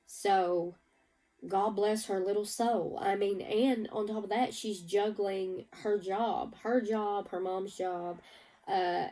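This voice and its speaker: A woman's voice: mid-range voice, vocal fry, warm tone, recorded from a distance, rough recording. A woman giving a rambling, emotional personal update to her viewers. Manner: emotional, rambling, teary at times. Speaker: vlogger.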